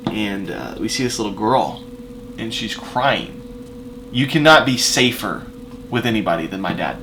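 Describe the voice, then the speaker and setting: A man telling a personal story in a casual vlog, rambling with fillers and restarts and swinging between loud emphatic bursts and quiet asides. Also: fairly low pitch, background noise.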